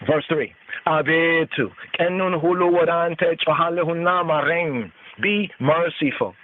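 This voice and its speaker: Slow man teaching scripture over phone line. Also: fairly high pitch. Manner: chanting verses, then repeating and expounding word by word. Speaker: podcast host teaching scripture. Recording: tinny phone-line call-in audio.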